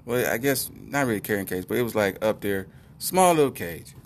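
Middle-aged guy rambling through a funny story, lowish voice, bit of rumble behind. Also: expressive, brisk. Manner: rambling and conversational with asides. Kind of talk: comic personal storytelling.

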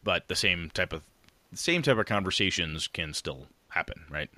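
A man co-hosting a podcast, chatting casually about tabletop gaming in a rambling, animated way with casual swearing. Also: low-pitched, moderate pace, no room sound. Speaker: podcast co-host.

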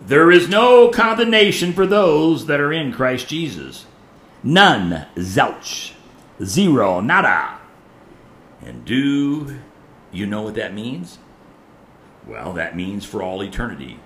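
A man preaching a sermon in an echoey church sanctuary. He speaks slowly with a lively, sweeping pitch, repeating key lines for emphasis and swinging from near-whispers to loud declarations. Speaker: pastor.

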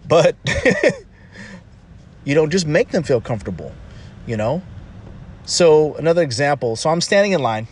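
A man's voice: a little high, sing-song, moderate pace, long pauses, darkish tone. A man talking through casual advice in a loose, rambling way, often adding "you know" and restarting his sentences.

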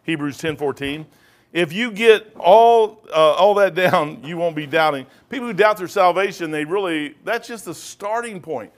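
A man's voice: high voice, normal speed. A man, a pastor, teaching a casual Bible study in a rambling, conversational way, often throwing in "man.".

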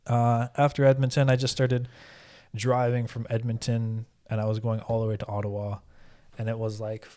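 A man's voice: medium pitch, level tone, normal speed, mellow. A man chatting casually as a podcast co-host, rambling through a story with lots of fillers and swearing. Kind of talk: casual chat.

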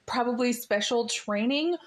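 A woman's voice: a little high, a little slow. An American woman hosting a podcast interview, chatting in a bubbly way and laughing often. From United States. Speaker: podcast host. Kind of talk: casual interview chat.

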